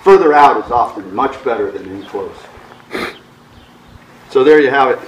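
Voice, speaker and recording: A middle-aged man giving an outdoor hang gliding lesson, animated and mimicking instrument beeps. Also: normal speed, reverberant, a little hiss or hum, poor audio. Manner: animated, imitates vario beeps with rising pitch. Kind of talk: outdoor flying lesson talk. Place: outdoors at a mountain flying site.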